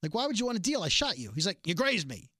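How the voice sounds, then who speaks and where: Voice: mid-range voice, rapid-fire, no room sound. Mid-range voice for a snarky TV recap podcast host who acts out the scenes; dry booth sound. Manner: sarcastic, animated retelling of scenes. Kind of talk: casual TV episode recap.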